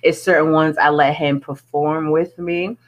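Woman, music artist, casual interview, earnest, chatty, lowish voice. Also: level tone, a little slow, muffled recording. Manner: earnest, chatty, many fillers and asides.

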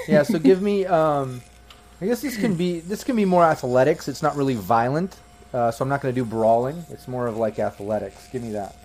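A man running a tabletop role-playing game, describing scenes and calling for rolls. He talks in a casual, hesitant way with frequent fillers, at an ordinary pitch. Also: normal speed, darkish tone, low-quality recording. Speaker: game master.

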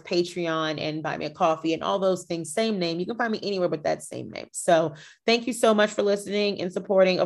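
Animated woman podcast host. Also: fairly low pitch. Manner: animated, playfully shady, acts out reactions. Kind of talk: casual chat.

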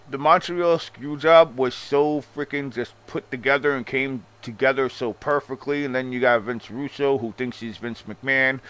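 A man's voice: mid-range voice, sharp tone, poor audio. A man hosting a podcast, ranting casually with sarcasm, profanity and a rambling flow. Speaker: podcast host. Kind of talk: casual rant about wrestling.

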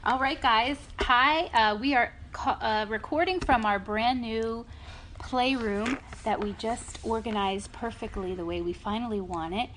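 A woman hosting a children's story podcast, reading a rhyming picture book aloud to a child at home and pausing to point out the pictures. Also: fairly high pitch, a little hiss or hum. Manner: animated, stops to explain the pictures. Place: home playroom.

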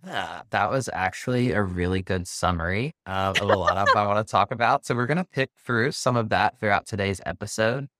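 A young man with a Southern US accent, co-hosting a podcast in a chatty, playful and gently earnest way. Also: on the low side, brisk, few pauses, no echo, clean studio sound. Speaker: podcast co-host. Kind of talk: casual chat.

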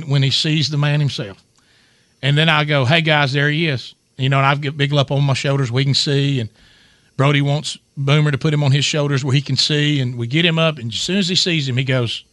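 A man's voice: a little high, dry recording. A middle-aged man, hosting a radio show and telling a long family story with lots of restarts. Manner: animated storyteller, many restarts. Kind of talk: storytelling casual chat.

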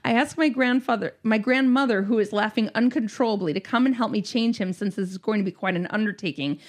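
A young woman reading a personal story aloud in a sarcastic, animated way. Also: fairly high pitch, quick pace.

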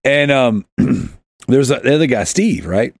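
Animated storytelling man on a podcast. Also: mid-range voice, a little slow, gravelly, no room sound, studio quality. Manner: rambling, laughing, acts out shouted quotes. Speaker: podcast host. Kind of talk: casual storytelling chat.

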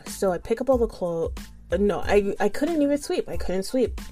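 A young adult woman vlogger tells a frustrated storytime in a casual monologue, animated and profane, swearing freely and laughing often. Her voice is medium-pitched at a moderate pace, with soft background music behind it.

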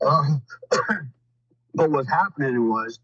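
A man's voice: fairly high pitch, animated, takes it slowly, a bit bright, breathy edge, dry recording, highs cut off. A man talking as a podcast guest, telling stories in a blunt, profane, rambling way with lots of fillers. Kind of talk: casual storytelling.

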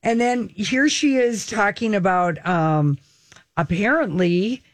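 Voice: mid-range voice, animated, slow pace, dry recording. A co-host in casual chat, rambling with lots of ums and restarts. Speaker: podcast co-host.

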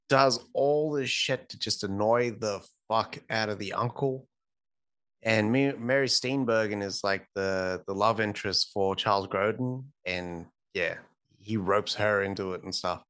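A man's voice: fairly low pitch, a bit bright. Laid-back man, laughing guest. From Australia. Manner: laughs often, swears casually. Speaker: podcast guest. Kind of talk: casual chat.

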